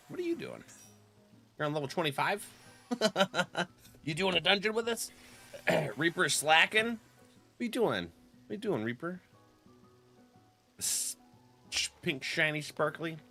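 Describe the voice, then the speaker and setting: Bright-voiced chatty male streamer. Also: a little high, gravelly. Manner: chatty, laughs often between remarks; greets viewers by name. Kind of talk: casual live-stream chat.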